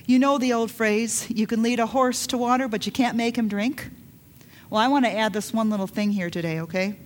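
Emphatic woman preacher, fairly high voice. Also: fairly even intonation, fairly quick. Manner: emphatic, swings from soft hushed lines to loud urgent calls. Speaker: pastor. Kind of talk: sermon.

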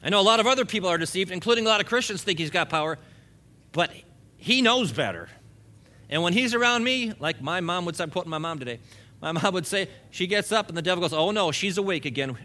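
A man's voice: high-pitched, lively intonation, fast, bright, forceful tone. A man preaching a sermon, emphatic and repetitive, stressing points by piling up phrases. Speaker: pastor.

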